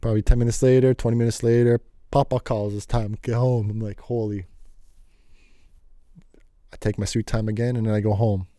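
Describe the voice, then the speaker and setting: A man telling a casual storytime tale, animated and laughing often, acting out the voices of people in it. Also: fairly low pitch, a little fast, pauses often, dry recording, studio quality. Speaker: storyteller vlogger.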